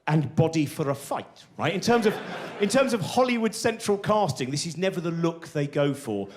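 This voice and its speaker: A man in his forties does rambling, self-deprecating stand-up on a theatre stage. He talks in a high voice that leaps up and down with lively inflection, full of restarts and asides. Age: 40s. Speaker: stand-up comedian. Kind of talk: live stand-up storytelling.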